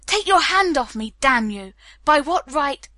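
A woman's voice: on the high side, moderate pace, sharp tone, no room sound, clean studio sound. A woman voicing a tired, proper older man who runs a shabby hotel, speaking in a clipped, indignant way in a storybook reading. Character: world-weary older man, a genteel hotel keeper.

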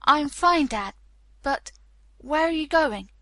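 A woman's voice: sits high, animated, slow, bright, forceful tone, no echo, voice pushed up, full character voice. A woman reading an audiobook, voicing an anxious young woman newly home from school. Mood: eager. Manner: anxious, pleading.

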